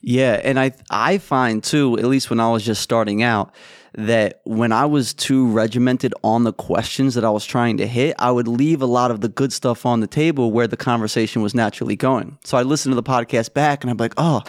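A man's voice: mid-range voice, fairly even intonation, a little fast, no echo, studio quality. A man hosting a podcast interview, talking in a hesitant, casual way with frequent restarts. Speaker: podcast host.

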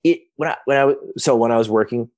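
A man in his fifties telling stories as a podcast guest, casual and animated, often restarting his sentences from his home office. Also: medium pitch, fast. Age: 50s. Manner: excited, animated retelling with many restarts. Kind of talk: casual storytelling.

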